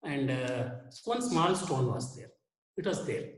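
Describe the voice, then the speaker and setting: A man's voice: medium pitch, big pitch swings, measured pace, noisy background. Man, lecturing in a roomy space. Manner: explains with everyday examples and acts out quoted inner dialogue. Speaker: webinar speaker on anger management. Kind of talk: conversational lecture. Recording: roomy echo.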